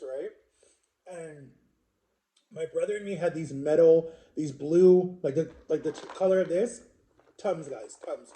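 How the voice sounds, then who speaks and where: A man in his forties talks to his viewers in a loose, rambling storytime, leaning on "like" and repeating himself. His voice sits a little high for a man yet sounds very dark and mellow. The room around him adds a clear echo. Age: 40s. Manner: rambling, filler-heavy, repeats words. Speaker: vlogger. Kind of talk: casual storytime monologue.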